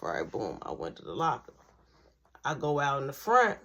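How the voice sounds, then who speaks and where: A woman telling a school story in a slangy, animated storytime style, acting out the dialogue. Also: rumbling low, moderate pace, vocal fry. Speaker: vlogger. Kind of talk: storytime narration.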